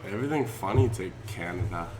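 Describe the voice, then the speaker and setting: A man's voice: low-pitched, lively intonation, fairly quick, music in the background. A man guesting on a podcast, joking and freestyling with crude, playful boasts. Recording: roomy room with background noise.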